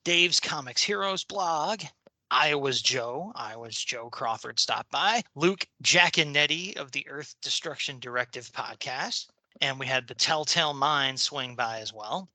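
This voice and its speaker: Bright, dry-voiced jokey podcast host man. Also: medium pitch, no echo. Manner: jokey, quick asides with laughs. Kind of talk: casual podcast chat, reading listener mail.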